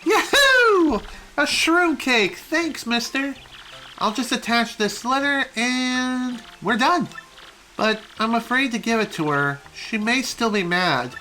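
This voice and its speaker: A woman's voice: a little high, expressive, takes it slowly, sharp tone, soft background music, voice pushed up, exaggerated voice. A woman voicing an eager little bomb boy. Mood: eager, excited.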